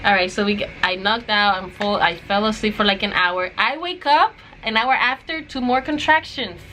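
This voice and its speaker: A woman's voice: medium pitch, moderate pace, sharp tone, slight background noise, poor audio. A young woman chatting casually to her vlog viewers, telling a story and acting out what others said. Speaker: vlogger.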